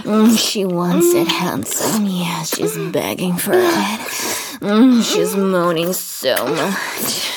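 A woman in an erotic audio role-play, talking in a commanding, teasing way with breathy moans. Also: mid-range voice, sing-song, slow, a crowd in the background.

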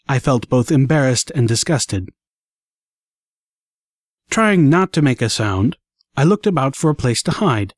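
A man reading a first-person action story aloud in an expressive, dramatic way. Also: medium pitch, no room sound, clean studio sound. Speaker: audiobook narrator.

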